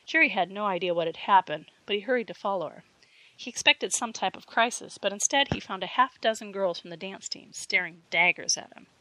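A woman reading a fiction audiobook with steady storytelling narration. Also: mid-range voice, fairly quick, no room sound, poor audio.

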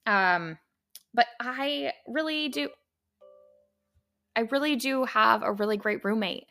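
A woman's voice: fairly high pitch, slow pace, vocal fry, bright, forceful tone. A young woman hosting her own podcast, talking casually and heartfelt, rambling with many fillers and restarts. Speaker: podcast host. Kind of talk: casual solo podcast talk.

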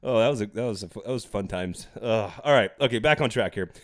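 A man hosting a sports podcast in casual chat, chatty and quick to laugh, steering the talk back on track. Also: on the low side, no room sound, studio quality.

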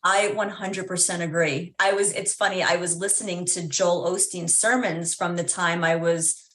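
Woman, podcast host, lowish voice, conversational and affirming, echoey room. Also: steady tone, moderate pace, fairly bright tone. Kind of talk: casual interview chat.

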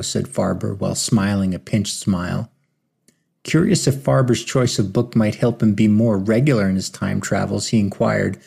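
A man narrates an audiobook in a low, gravelly voice. His tone is dark and mellow, with a husky edge, and his storytelling is steady and even. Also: moderate pace. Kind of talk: scripted narration.

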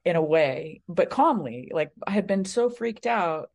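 Lowish-voiced woman telling a story. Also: unhurried. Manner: rambling, animated retelling with many fillers. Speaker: guest, psychic medium. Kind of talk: casual storytelling in an interview.

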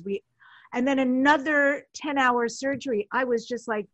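A woman's voice: a little high, moderate pace, dry recording, highs cut off. A woman hosting an interview, asking curious and empathetic questions. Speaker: interviewer, host. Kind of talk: conversational interview.

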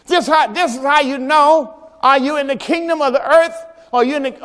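High-voiced preaching man in a reverberant church. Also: a little fast. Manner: preaching with call-and-response, rising to shouts; storytelling with acted quotes and sound effects. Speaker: pastor. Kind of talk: sermon. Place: church sanctuary. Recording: church service recording with long hall reverb and faint music.

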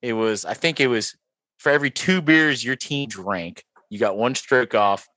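Bright-voiced joking male podcast host. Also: medium pitch, moderate pace, no echo. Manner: laughing, joking, rambling. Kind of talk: casual chat over drinks.

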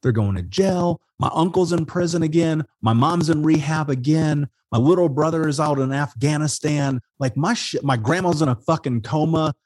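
A man from Indiana, an interview guest, telling his life story in a casual, animated way, swearing and calling people "dude" and "man". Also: fairly high pitch, moderate pace, few pauses, no room sound. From Indiana, USA.

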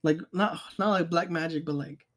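A man's voice: a little high, moderate pace. A young man co-hosting a podcast, telling stories in a loose, profane way, full of fillers and laughter. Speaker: podcast co-host. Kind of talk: casual chat.

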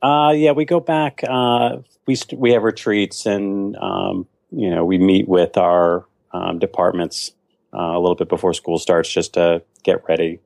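A man's voice: deep voice, level tone, measured pace, gravelly, darkish tone, dry recording, clean studio sound. A man answering interview questions as a podcast guest, easygoing with frequent fillers.

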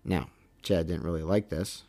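A man's voice: low voice, moderate pace, warm tone. A middle-aged man, a veteran umpire hosting his own show, telling stories in a casual, emphatic way and often adding "okay?" to make his point. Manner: emphatic, keeps checking in with "okay?" and "all right?". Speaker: veteran baseball umpire, podcast host. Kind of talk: casual storytelling monologue.

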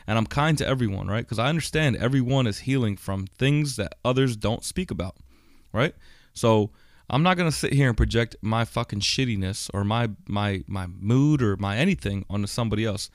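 A man's voice: fairly low pitch, expressive, brisk, no room sound, clean studio sound. A man hosting a personal podcast monologue, talking bluntly with heavy swearing, many fillers and a recurring "right?". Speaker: podcast host. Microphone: studio microphone.

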